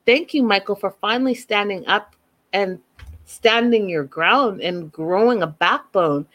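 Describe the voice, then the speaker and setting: A woman's voice: medium pitch, a little slow, fairly bright tone. A woman giving blunt, opinionated commentary on a reality show, speaking straight to her viewers. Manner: emphatic, blunt, talks straight to "you guys". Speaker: reality TV recap vlogger.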